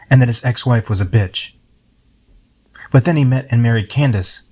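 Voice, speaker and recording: A middle-aged man reading his own poem aloud, reflective and unhurried as he tells a story. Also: medium pitch, a little mellow. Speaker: poet.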